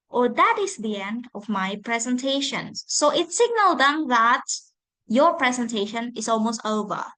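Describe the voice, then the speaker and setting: A woman lecturer with an Indonesian accent leads an online English lesson. Her voice sits high and she talks at an unhurried pace, spelling out each example phrase with care. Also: a bit bright. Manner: slow, deliberate, repeats example phrases. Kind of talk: online lesson on presentation skills.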